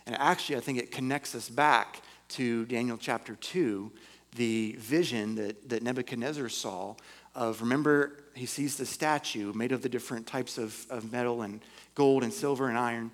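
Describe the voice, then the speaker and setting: A man preaches to a congregation, moving between reading scripture aloud and unpacking it in a loose, everyday way. His voice sits at an ordinary middle pitch, with casual fillers between passages. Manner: reads scripture aloud, then explains it in plain conversational terms. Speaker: pastor.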